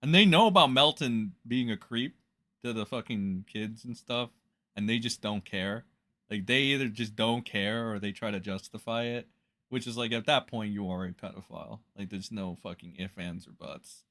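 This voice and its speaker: A man's voice: fairly low pitch, moderate pace, fairly bright tone. A man ranting profanely on a casual livestream, with loose fillers.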